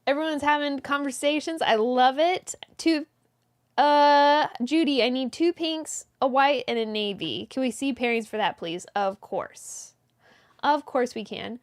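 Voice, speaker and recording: Woman host on a live stream with a high voice, reading viewer comments aloud and greeting each person by name. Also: moderate pace. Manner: greets viewers by name, reads messages aloud, brief laughs. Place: indoors, small closet.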